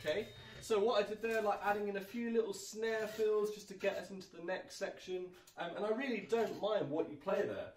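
A brisk, high-voiced man teaches drums cheerfully, counting out loud and mouthing the rhythms as he goes. It's recorded in an echoey room from a distance while music plays.

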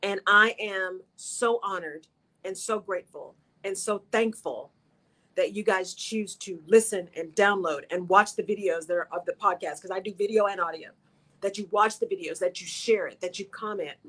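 A middle-aged woman hosts a radio show. She speaks at a medium pitch in an earnest, encouraging way and addresses her listeners directly. Her talk is motivational. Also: moderate pace, fairly bright tone.

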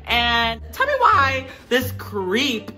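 A woman's voice: fairly high pitch, big pitch swings, drawn-out words, sharp tone, soft background music, heavily acted. A woman playing a sassy dramatic schoolgirl. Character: sassy dramatic teen girl student. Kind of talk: comedy skit.

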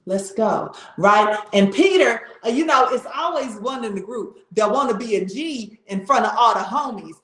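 Woman, casual faith talk, animated and slangy, bit high, recorded in an echoey room. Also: moderate pace, few pauses. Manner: animated, slangy, repeats herself.

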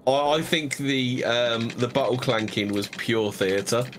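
A man in casual banter, teasing and quick with wry retorts. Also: mid-range voice, over a noisy crowd.

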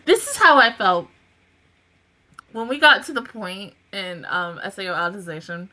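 A woman hosting a casual anime reaction review, emotional and swearing freely, dropping from low mutters to laughing, near-tearful outbursts. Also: lively intonation, moderate pace, sharp tone.

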